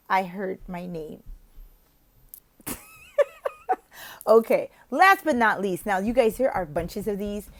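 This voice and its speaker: A woman sharing classroom tips in a casual vlog, playful and quick to laugh, acting out silly classroom chants. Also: mid-range voice. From lives in Oklahoma, not from there. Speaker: online teacher and video host.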